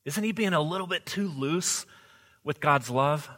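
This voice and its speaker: A man's voice: a little high, unhurried, a bit bright. A man preaching a sermon as pastor, earnest, often asking the congregation rhetorical questions. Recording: long hall reverb.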